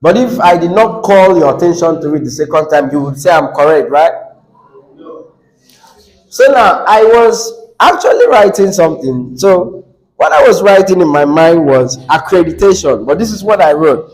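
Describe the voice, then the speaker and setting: A man's voice: fairly high pitch, lively intonation, moderate pace, darkish tone, low-quality recording. A man teaching an exam class, asking the students rhetorical questions and repeating words for emphasis. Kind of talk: classroom lecture.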